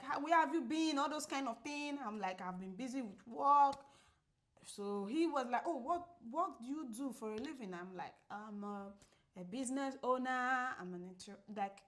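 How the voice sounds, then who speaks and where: Lively woman acting out a story. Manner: animated, acts out quoted dialogue with big pitch jumps; laughs often while telling. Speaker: podcast co-host. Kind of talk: casual storytelling chat.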